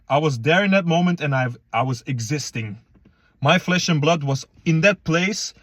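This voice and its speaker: A man's voice: fairly high pitch, no room sound. A young man casually talking to viewers as a fitness vlogger, slangy and loose, calling them guys and bro. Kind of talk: casual advice vlog.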